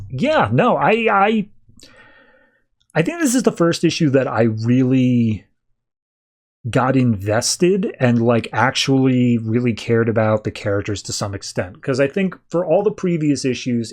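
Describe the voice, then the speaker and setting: A man's voice: medium pitch, unhurried. Chatty comics podcast host, man. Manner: chatty, animated retelling. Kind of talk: casual comic book recap.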